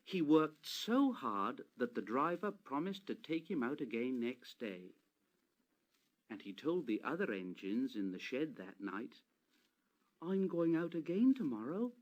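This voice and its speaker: A man reading a children's railway story aloud as narrator, expressive and gentle. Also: medium pitch, muffled recording. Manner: expressive, slow read-aloud.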